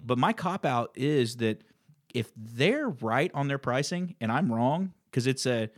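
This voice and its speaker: A man who invests in land shares stories from his land-buying business in a casual conversation, acting out phone calls as he goes. His medium-pitched voice has lively intonation and an unhurried pace. The recording is dry and studio quality.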